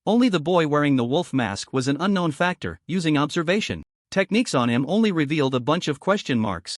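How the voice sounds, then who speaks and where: A male narrator reads a scripted story recap in a lively voice that sits a little high and moves a lot in pitch. The sound is dry and close, with no room in it. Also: fairly quick, dry recording.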